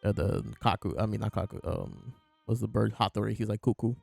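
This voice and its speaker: A man's voice: lowish voice, little pitch movement, brisk, creaky, darkish tone, dry recording. A man hosting a casual chapter review, retelling scenes by quoting the characters in his own voice over faint background music. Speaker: host reviewing comic chapters.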